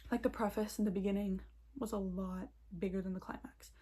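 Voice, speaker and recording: A young woman telling a heated storytime vlog into her phone, swearing often and talking fast. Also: mid-range voice, little pitch movement, warm tone, husky. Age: young adult.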